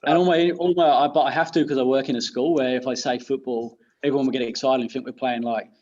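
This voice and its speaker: Casting: young English teacher, animated chatty guest, slightly dull lo-fi recording. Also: male voice, medium pitch, fast talker. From England. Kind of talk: casual chat.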